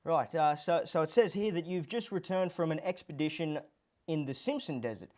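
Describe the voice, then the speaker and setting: A man hosting a mock TV comedy show, with showy announcements broken up by flat deadpan asides. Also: fairly high pitch, normal speed.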